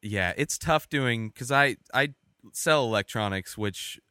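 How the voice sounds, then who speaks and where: A man's voice: mid-range voice, measured pace, bright, forceful tone, smooth, dry recording, studio quality. A man in a casual chat, rambling with fillers and frequent swearing.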